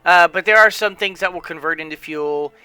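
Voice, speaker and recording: A man's voice: a little high, fairly quick, pushed and bright, clean tone, no room sound. A man casually explaining a space strategy game as he plays, tired late at night, rambling with lots of fillers and restarts. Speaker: gameplay commentator. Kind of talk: casual let's-play commentary.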